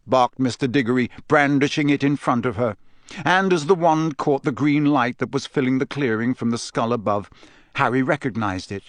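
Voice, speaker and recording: A man's voice: medium pitch, fairly quick, no echo. A man on a podcast reading a novel aloud as narrator. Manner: expressive reader. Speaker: podcast co-host.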